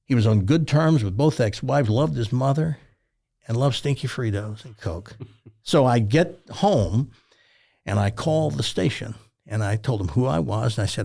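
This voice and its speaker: A man's voice: mid-range voice, moderate pace, gravelly. An older man from Tennessee with a Southern accent, a former radio talk host telling folksy stories as an interview guest. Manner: folksy, animated storyteller. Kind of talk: storytelling interview.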